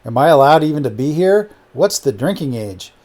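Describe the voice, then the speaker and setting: An eager, unworldly young American man, caught up in everything around him, voiced by a male audiobook narrator. The tone stays mellow and warm with a rising, excited lilt. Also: on the high side, moderate pace. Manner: wide-eyed, unworldly. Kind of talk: audiobook character reading.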